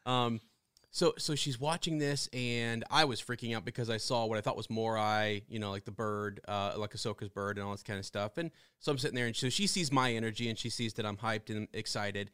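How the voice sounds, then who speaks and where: A man co-hosting a podcast, telling stories with excited, animated energy and frequent restarts. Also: lowish voice, a little fast, smooth, dry recording, clean studio sound. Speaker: podcast co-host. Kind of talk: casual fan discussion.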